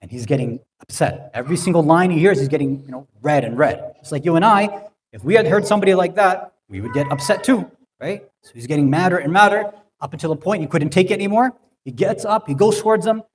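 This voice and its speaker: A man's voice: fairly high pitch, animated, quick pace, husky. A man giving a sermon-style talk, telling a story conversationally and often checking in with "right?". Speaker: speaker at an Islamic center. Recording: long hall reverb.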